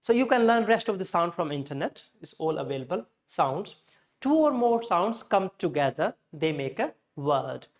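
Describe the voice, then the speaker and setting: A man's voice: high-pitched, very animated, normal speed. A man giving a spoken lesson as an English pronunciation teacher, explaining things methodically, step by step.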